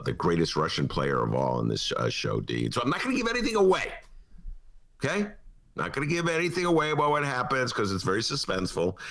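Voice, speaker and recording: A man's voice: low-pitched, gravelly, a bit bright. A middle-aged man hosting a casual podcast talk show from a studio, rambling through jokes and asides with frequent chuckles. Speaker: podcast host.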